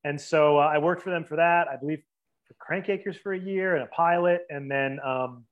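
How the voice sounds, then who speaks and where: A man's voice: fairly high pitch, moderate pace, phone-quality sound. A man in his forties, a writer from the Boston area and New Jersey, chatting casually as an interview guest, rambling with lots of fillers and restarts.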